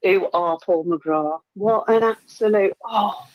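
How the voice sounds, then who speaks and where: A woman's voice: medium pitch, slow, no room sound, dull audio. An older woman phoning in to a football show, talking earnestly in an English accent. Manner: earnest, agreeable, tag questions. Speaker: caller. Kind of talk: casual phone-in chat.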